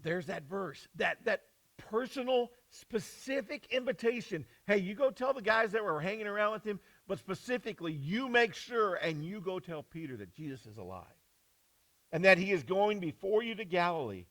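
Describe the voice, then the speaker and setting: A man preaching a sermon as pastor, retelling scripture as a story and swinging from hushed, low lines to loud, high ones. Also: lively intonation, moderate pace, low-quality recording.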